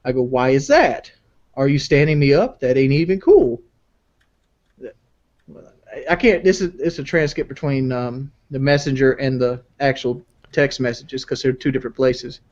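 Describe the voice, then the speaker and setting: A man's voice: mid-range voice, moderate pace, a little mellow. A young man in casual podcast banter, stammering and repeating himself as he reads messages. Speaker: podcast guest reading texts aloud. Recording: muffled lo-fi podcast audio.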